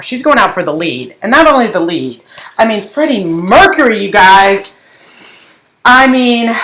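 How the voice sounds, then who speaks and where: A middle-aged woman who tutors furniture painting and owns a shop chats casually while painting furniture, rambling through a story and restarting often. Her voice is mid-range and a bit bright, recorded in an echoey room with faint noise.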